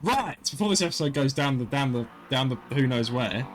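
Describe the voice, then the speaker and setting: A young man chats as a podcast host. He tells stories in a lively way, his pitch rising and falling a lot. He keeps stopping and starting his sentences. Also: a little fast, a little hiss or hum. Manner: animated storyteller, self-interrupting with restarts. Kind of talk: casual chat.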